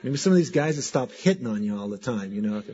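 A man preaching a sermon as pastor, talking in an animated, conversational way and repeating words for emphasis. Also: mid-range voice, quick pace, dull audio, slight background noise.

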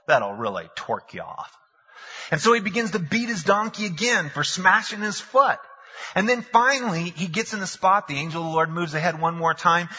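A man's voice: fairly high pitch, pushed and bright, husky. A man preaching a sermon, a pastor who tells the story in a folksy way with slang asides, recorded with long hall reverb and a dull, lo-fi sound.

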